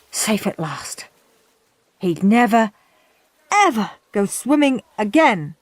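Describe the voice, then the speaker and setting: Expressive woman reading a children's story. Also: medium pitch, takes it slowly, pauses often, no room sound. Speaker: audiobook narrator.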